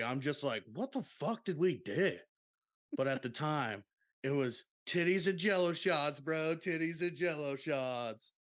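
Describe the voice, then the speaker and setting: A man's voice: on the high side, fairly bright tone. A man doing a drawling surfer-dude story. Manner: drawling, peppered with "dude" and "bro". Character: laid-back surfer-dude military man telling a party story. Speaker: podcast co-host reading a listener submission.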